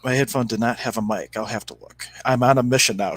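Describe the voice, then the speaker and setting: Brief: male podcast co-host, mid-pitched voice, relaxed and animated storyteller with lots of fillers. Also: quick pace, breathy edge, no echo, low-quality recording. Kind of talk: casual spiritual chat and storytelling.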